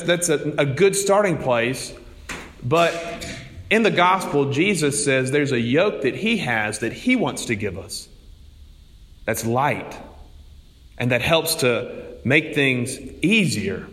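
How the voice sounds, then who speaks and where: A man's voice: on the high side, fairly bright tone. A man, a priest, preaching a sermon in a conversational storytelling way, with rising emphasis. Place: church. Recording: long hall reverb.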